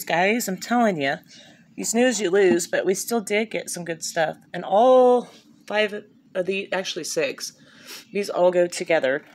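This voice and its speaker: A woman with a mid-range voice chats casually on a handheld phone at home, upbeat and reading off prices as she shows off a shopping haul. There's a little hiss or hum on the recording of this vlogger's haul video.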